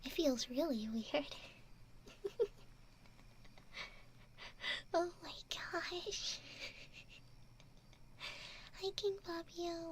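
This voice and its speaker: Asmr lady whispering to her chat, soft and slow, kinda high little voice. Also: slight background noise. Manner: gentle, giggly, thanks viewers by name. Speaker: ASMR streamer and voice actor. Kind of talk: whispered chat with stream viewers.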